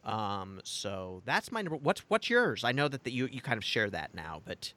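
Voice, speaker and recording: A man's voice: medium pitch, sing-song, normal speed, bright, forceful tone. A man co-hosting a casual podcast, laughing often and hesitating with fillers. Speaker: podcast co-host.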